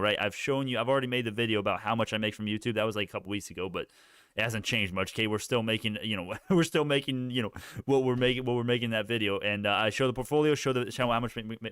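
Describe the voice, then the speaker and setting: Young male streamer, loose and rambling to his chat, clear resonant tone, dead-dry sound. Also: medium pitch, fairly bright tone, no echo. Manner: rambling, talks to chat, restarts often. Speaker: stock live-streamer. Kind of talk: casual livestream chat.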